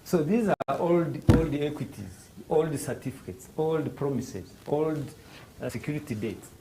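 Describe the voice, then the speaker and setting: Against background noise, a man with a Rwandan English accent and a high-leaning voice talks at a moderate pace. He's a financial literacy instructor teaching students about financial markets, bringing it to life with acted dialogues in raised voices, though he restarts phrases hesitantly.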